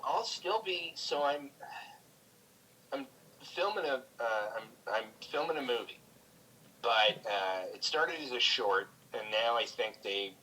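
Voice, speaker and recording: A man's voice: lowish voice, sharp tone, slight background noise, low-quality recording. A man, a guest comedian, talking candidly in casual chat, swearing freely and restarting his sentences often. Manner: candid, profane, halting with many restarts. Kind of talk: casual chat over a call.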